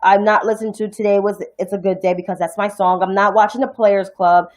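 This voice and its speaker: A woman's voice: medium pitch, steady tone, fairly quick. A woman from Harlem with a New York accent, hosting a casual livestream commentary show. She rants bluntly and profanely. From New York City (Harlem). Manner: blunt, profane, indignant ranting.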